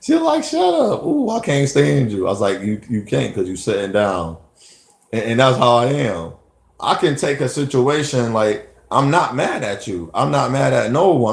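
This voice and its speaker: A man's voice: fairly low pitch, a little mellow. A man giving a rambling, repetitive motivational monologue as a vlogger sharing life advice. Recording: echoey room.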